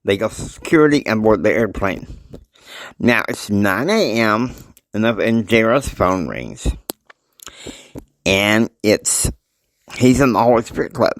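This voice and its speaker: A man's voice: lowish voice, expressive, a little slow, long pauses, no room sound, low-quality recording. A man casually narrating a homemade family story, rambling with many fillers and laughs.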